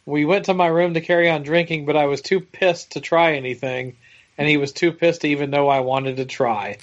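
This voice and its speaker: A man in casual chat who reads passages aloud and adds wry, amused remarks. His voice sits somewhat high for a man. The recording sounds dull and lo-fi. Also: steady tone, a little fast. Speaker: podcast co-host.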